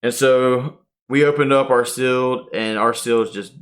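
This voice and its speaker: This podcast host tells a tournament story in a relaxed way, his mid-range male voice moving at a moderate pace. He's an animated storyteller who acts out the quotes as he goes.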